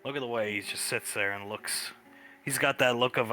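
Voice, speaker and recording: A man's voice: mid-range voice, moderate pace, sharp tone, faint music behind. A man chatting in character during a tabletop role-play, telling a story with laughs and narrating his own actions.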